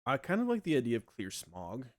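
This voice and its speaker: Male streamer, mid-pitched, dry close sound, muses aloud between game moves. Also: wildly swooping pitch, fairly quick, no room sound. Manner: thinks aloud, rambling with many fillers. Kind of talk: casual live-stream chat while gaming.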